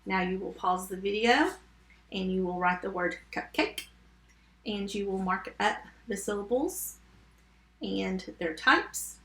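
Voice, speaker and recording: A woman teaching a first grade phonics lesson remotely, sounding out words slowly and giving patient step-by-step instructions. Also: medium pitch, fairly bright tone, echoey room.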